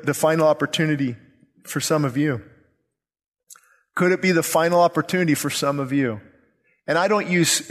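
A male pastor preaching a sermon with urgent, impassioned delivery and repeated phrases. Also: on the high side. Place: church sanctuary. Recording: long reverb of a church hall.

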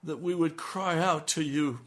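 A man's voice: fairly high pitch, a little slow. A middle-aged male pastor giving a radio sermon and praying earnestly, pleading as he goes. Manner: earnest, pleading prayer that rises in intensity.

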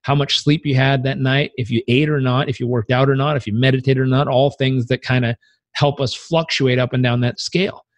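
A man's voice: little pitch movement, a little fast, no echo. Earnest man telling stories on a podcast. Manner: earnest, acts out inner voices with pitch jumps. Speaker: podcast guest. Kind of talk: reflective conversational storytelling.

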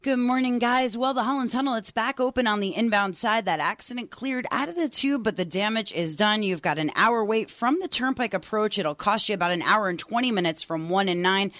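Female traffic reporter, mid pitch, brisk and matter-of-fact, dry studio read. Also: fairly bright tone, no room sound. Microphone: studio mic.

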